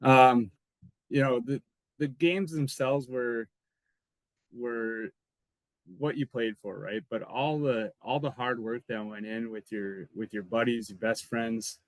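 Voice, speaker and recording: A man's voice: mid-range voice, takes it slowly, dry recording, low-quality recording. Male podcast guest, ex-lineman, loose storyteller, mid-range voice, dry booth. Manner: relaxed, rambling, laughs between anecdotes. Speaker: podcast guest, former college football lineman. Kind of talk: casual storytelling.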